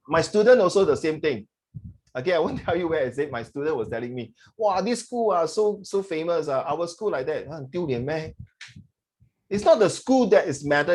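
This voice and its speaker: A middle-aged man with a Singaporean accent, teaching a class in a lively way and acting out the voices he quotes. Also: fairly high pitch. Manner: animated, switches between English and Mandarin, acts out quoted voices. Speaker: English tutor.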